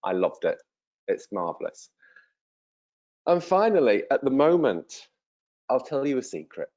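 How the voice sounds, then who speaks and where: A man in his fifties from England, an English teacher speaking slowly and simply to learners, friendly and encouraging, with many pauses. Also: mid-range voice, sing-song, a little mellow, highs cut off. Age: 50s. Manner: slow and clear, with many pauses and fillers. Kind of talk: slow, simple self-introduction to language learners.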